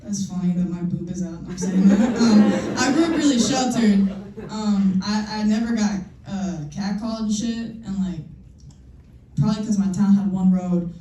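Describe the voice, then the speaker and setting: With medium pitch and a normal pace, a young woman delivers a stand-up comedy set in a room at a live show, a crowd audible behind her. Her stories are self-mocking and loosely conversational, and the sound is echoey and noisy with a far-off mic.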